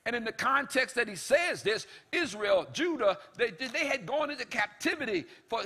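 Male preacher, high bright husky voice, emphatic and shouting, repeats phrases, speaks God's lines in dialogue. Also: big pitch swings, brisk, hardly any pauses. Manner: emphatic, repetitive, often shouting. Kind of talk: sermon.

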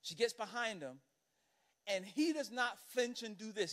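A man preaching a sermon as an animated, conversational storyteller who keeps checking in with the congregation by asking "right?". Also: high-pitched, normal speed. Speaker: pastor.

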